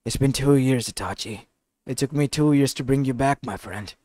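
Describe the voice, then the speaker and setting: A man voicing an earnest young male genius inventor, speaking in a hushed, subdued way in a fan-made storybook reading. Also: medium pitch, normal speed, no room sound, natural voice. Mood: sad.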